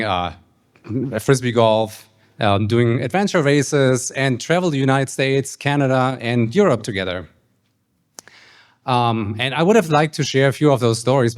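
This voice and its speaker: A man in his thirties with a German accent, giving a best man's wedding toast with some hesitant fillers and light jokes. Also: mid-range voice.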